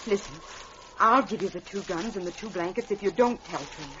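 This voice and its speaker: An anxious but brave young woman, played by a woman, speaks earnestly and pleads. Her delivery follows 1940s radio-play style. The old recording sounds muffled, with steady hiss. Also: mid-range voice, fairly quick, lightly acted. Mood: defiant.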